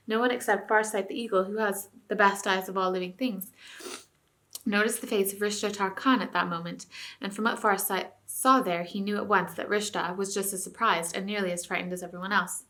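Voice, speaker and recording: A woman teacher reading a novel aloud to her class, with clear storytelling. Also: medium pitch, steady tone, a little fast, a bit bright.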